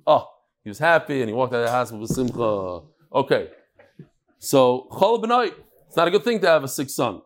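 A man's voice: medium pitch, expressive, a little fast. A man giving a casual Talmud class lecture, mixing in Hebrew and Yiddish terms and telling anecdotes. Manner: tells jokes and anecdotes. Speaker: Talmud teacher.

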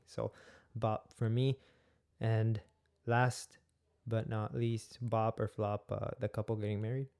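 A man's voice: on the low side, gravelly, mellow. A man hosting a casual podcast, joking around and laughing often with his guest. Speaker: podcast host.

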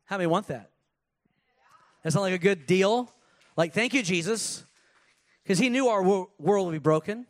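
A man preaching a sermon, energetic, with casual asides and put-on voices. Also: high voice, normal speed, pauses often. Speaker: pastor.

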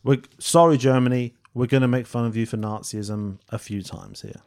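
A man's voice: mid-range voice, moderate pace, darkish tone. Chatty man co-hosting a podcast. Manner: chatty, self-deprecating, jokey. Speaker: podcast co-host. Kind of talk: casual film review chat.

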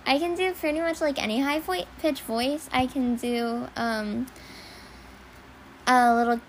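A playful teenage girl chatting at home with a friend, joking around between voice impressions. Her voice is slightly high with a gravelly edge, and there's light background hiss. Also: normal speed. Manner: playful, joking, says she has tics. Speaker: vlogger. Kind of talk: casual chat.

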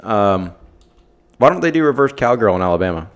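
A man co-hosting a podcast, chatting casually and cracking jokes. His voice is gravelly, and he laughs a lot. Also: on the low side, big pitch swings, brisk. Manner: joking, laughs often. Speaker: podcast co-host. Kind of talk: casual chat.

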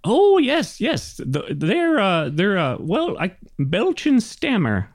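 A man's voice: high voice, wildly swooping pitch, slow pace, pitched above the performer's own voice, full character voice. A man voicing a senile, oblivious old male gnome wagon master who rambles cheerfully. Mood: rambling.

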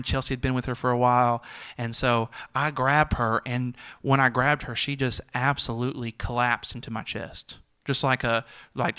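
A man's voice: mid-range voice, bright, forceful tone, smooth. A man in his thirties, a senior pastor preaching a sermon, earnest and tender with conversational asides, building to urgent pleading.

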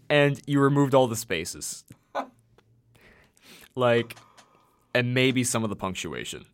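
A man's voice: mid-range voice, expressive, slow, pauses often. A young man from the American Midwest, co-hosting a casual chat, telling rambling stories and swearing freely. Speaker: podcast co-host.

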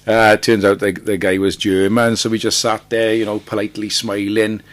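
A Welsh man, lead singer of a band, telling a lively anecdote as a podcast guest, laughing often and repeating himself. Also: fairly low pitch, normal speed, no echo. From Wales. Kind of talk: casual podcast chat, storytelling.

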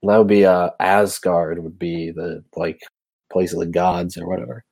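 A man co-hosting a podcast, talking in a laid-back way with quick asides. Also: low voice, steady tone, creaky, darkish tone, no echo. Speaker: podcast co-host. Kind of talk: casual chat.

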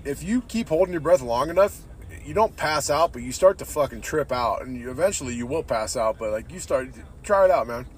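This podcast host is a man with a medium-pitched voice, recorded with a bit of background noise. His talk is loose and rambling, full of profanity, and he keeps saying "dude" to everyone in his relaxed style.

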